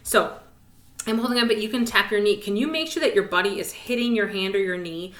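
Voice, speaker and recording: A woman's voice: mid-range voice, a little fast, fairly bright tone, roomy sound. A woman music teacher giving a cheerful, encouraging video lesson to young children, speaking in a sing-song way and whispering the rests.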